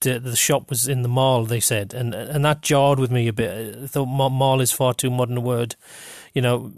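A man with a North East English accent hosting a podcast, rambling with many pauses and restarts. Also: medium pitch, fairly even intonation, darkish tone, no echo, studio quality. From North East England. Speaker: podcast host. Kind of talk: casual monologue with a dialect reading.

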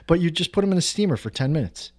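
A man's voice: a little high, lively intonation, very fast, darkish tone. A middle-aged man chatting as a podcast guest, rambling through stories and laughing often. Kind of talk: casual chat.

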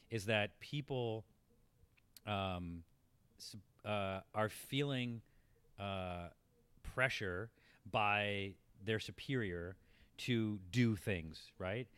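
A man's voice: fairly low pitch, no echo. A man, around forty, telling a long anecdote in casual talk, rambling and laughing as it builds. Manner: rambling, laughing, animated when telling the story. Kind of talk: casual storytelling.

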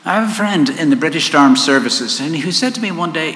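A man preaches in a bright, clear voice, chatty and easygoing, circling back to repeat his words. His voice rings through a large echoey hall with a long reverb and faint noise behind it. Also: on the high side, expressive, fairly quick, hardly any pauses. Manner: conversational, with asides and repeated words. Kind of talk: sermon.

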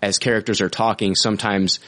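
A man's voice: lowish voice, flat delivery, a little fast, a bit bright. A man co-hosting a podcast, chatting casually and enthusiastically, with frequent restarts and filler words. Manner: enthusiastic, rambling with many restarts. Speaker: podcast co-host. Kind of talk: casual review chat.

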